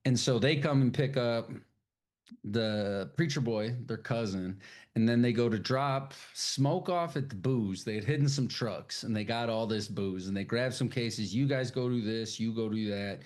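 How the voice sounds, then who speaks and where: A man co-hosting a podcast, chatting casually about a film, swearing a lot and acting out the characters' lines in voices. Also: moderate pace. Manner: animated, profane, acts out character lines in high voices. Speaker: podcast co-host. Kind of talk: casual film review chat.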